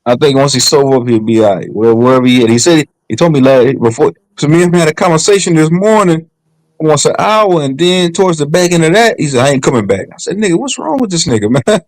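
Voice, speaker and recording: A man's voice: on the high side, lively intonation, dry recording, rough recording. A man chatting casually on a livestream, telling stories in a joking, profane way. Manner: fast, joking, profane storytelling.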